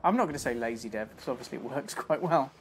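A man's voice: mid-range voice, expressive, fast, noisy background. Chatty man streaming a game. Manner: chatty, self-mocking, talks to viewers. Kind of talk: live gameplay commentary. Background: game music.

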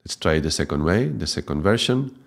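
A man teaching Kundalini Yoga in a gentle spiritual talk, often checking in with "yeah?". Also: sits low, big pitch swings, a little fast, vocal fry.

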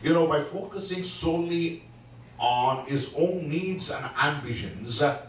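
A man teaching a Sabbath School lesson in a church, preaching slowly and emphatically with frequent fillers. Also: on the high side, a little hiss or hum. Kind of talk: church Bible-study sermon. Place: church hall. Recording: echoey hall, mic at a distance.

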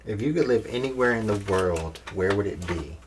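A host asking short, quiet interview questions and murmuring agreement. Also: sits low, animated, a little fast, slight background noise.

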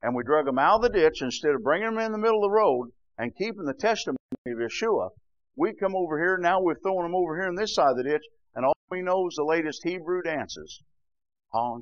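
An older man preaching a fervent sermon that swings from low, quiet passages to loud, shouting peaks, often saying "bless God". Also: dry recording, highs cut off.

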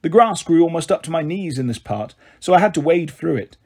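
A man reading a children's novel aloud as a storyteller, gentle and shifting his voice for each character. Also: animated, fairly quick, slightly rough. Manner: gentle, voices the characters with raised and lowered pitch. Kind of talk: audiobook narration of a children's novel.

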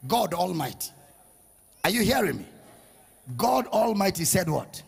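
Man, pastor, shouting sermon, sing-song call-and-response, lively swooping pitch, gravelly. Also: unhurried, long pauses. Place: church hall with congregation.

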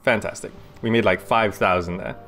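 A man casually commenting as he plays a city-building game, chatty and quick to laugh, recorded on a desk microphone at home. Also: lowish voice, steady tone, a bit bright, faint music behind. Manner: chatty, laughs often, talks through his thoughts aloud. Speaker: gaming YouTuber. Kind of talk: casual let's-play commentary.

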